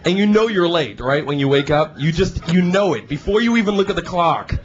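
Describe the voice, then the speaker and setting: A male stand-up comedian doing a lively routine, animated and shouting at times, slipping into high put-on voices. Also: brisk, a little hiss or hum. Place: comedy club stage. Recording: dull live club recording, audience. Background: audience laughter.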